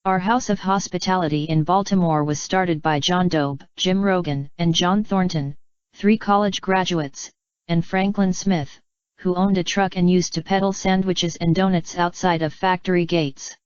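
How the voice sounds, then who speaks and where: A woman narrating an audiobook memoir in an even, measured reading. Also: fairly low pitch, clean tone, no echo. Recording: dry, slightly dull lo-fi audio.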